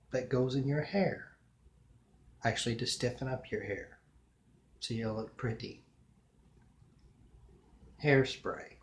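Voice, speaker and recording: A man's voice: mid-range voice, echoey room. A man rambling to camera in a casual solo vlog, drawing out words and chuckling as he muses. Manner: slow, drawn-out words with chuckles. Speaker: vlogger.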